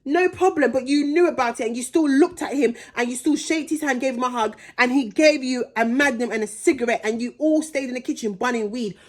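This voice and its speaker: A woman's voice: high-pitched, a little fast, few pauses. A young pregnant woman, vlogging straight to camera, blunt and indignant, swearing freely and calling it passion. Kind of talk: heated direct-to-camera vlog.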